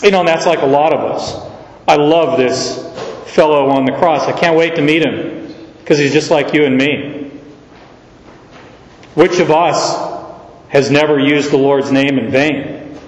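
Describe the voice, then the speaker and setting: A man preaching in a church sanctuary, reading verses aloud and explaining them with slow, unhurried earnestness. His voice sits a little high for a man and rings out with a long, echoey reverb. It sounds as if it is picked up from a distance across a large room. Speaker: pastor. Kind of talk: sermon.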